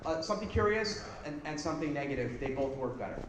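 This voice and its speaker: A man giving a live workshop talk to an audience, casual, energetic and blunt, now and then swearing. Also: a little high, fast. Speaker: seminar presenter. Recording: echoey room with background noise.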